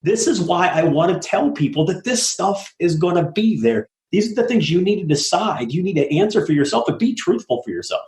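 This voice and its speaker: Animated, blunt man in an echoey room. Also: sits high, a little fast, few pauses. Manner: animated storyteller, blunt and profane, acts out quoted voices. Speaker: guest, apartment syndicator. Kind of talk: casual interview talk.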